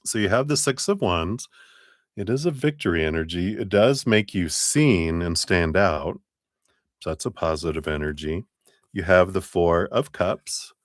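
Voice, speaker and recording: A deep-voiced man runs a live tarot stream, chatting with viewers and laughing easily as he works through their cards. His low voice sounds dry and close to the mic, with no room around it. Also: measured pace, no echo. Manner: relaxed, chatty, laughs often, talks to viewers by name. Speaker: tarot reader.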